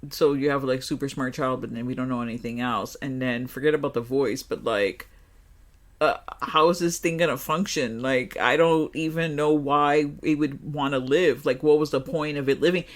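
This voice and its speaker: A lively, profane co-host chatting about a horror film on a podcast. The voice sits at an ordinary middle pitch, and the talk tumbles out in quick bursts full of filler and laughter. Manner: animated, swears a lot, laughs often. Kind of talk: casual movie discussion.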